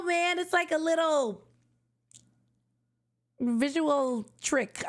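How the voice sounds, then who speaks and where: Slightly high-voiced woman vlogger, excitable and slangy, gasping her way through an unboxing. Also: measured pace, pauses often. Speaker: album reaction vlogger. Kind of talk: casual unboxing chat.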